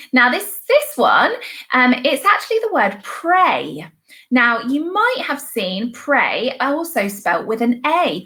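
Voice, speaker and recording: A young woman, a primary school teacher, giving a recorded online lesson to young children with bright, encouraging, sing-song praise. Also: fairly high pitch.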